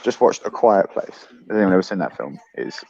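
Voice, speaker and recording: Man, casual chatter, swears freely, lowish voice, dull lo-fi audio. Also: big pitch swings, brisk, creaky, warm tone. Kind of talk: casual livestream chat.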